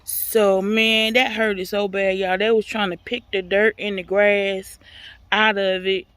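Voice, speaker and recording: Woman vlogger, bright dry voice, animated casual storyteller who talks straight to viewers. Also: mid-range voice, unhurried, smooth, dry recording.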